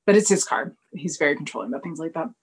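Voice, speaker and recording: A woman's voice: low-pitched, rapid-fire, slightly rough. Woman w a twang recapping a tv show, chatty, jumps into character voices. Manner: lively retelling, acting out characters' lines with laughs. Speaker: podcast co-host recapping a TV episode. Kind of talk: casual chat.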